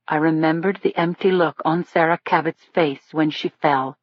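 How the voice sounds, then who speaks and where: A woman narrating a thriller audiobook in the first person, in a steady storytelling manner. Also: low voice, measured pace, few pauses, no echo. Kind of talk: scripted narration. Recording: dull lo-fi dry recording.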